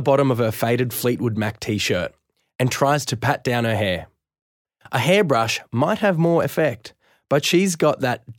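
Male audiobook narrator, wry and lively, mid-pitched, very dry studio sound. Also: measured pace, no room sound. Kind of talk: first-person storybook narration.

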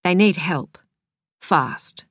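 A woman reading an audiobook, voicing a man who is a doctor, explaining symptoms in a calm, clinical way. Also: high-pitched, drawn-out words, slightly rough, no echo, studio quality, heavily acted. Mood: serious. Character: male doctor boyfriend, calm and serious. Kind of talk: audiobook character voice.

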